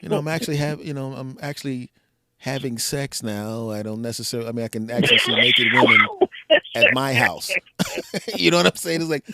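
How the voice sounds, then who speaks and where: A man's voice: mid-range voice, a little fast, a crowd in the background. A man hosting a podcast, chatting casually and joking with his guest. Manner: joking, laughs often. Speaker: podcast host. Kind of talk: casual interview chat.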